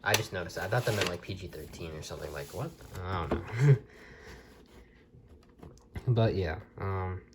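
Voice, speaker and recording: Very deep-voiced man rambling casually. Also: moderate pace, pauses often, noisy background. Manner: rambling, many restarts and fillers. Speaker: tape collector reviewing a video. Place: desk in his bedroom.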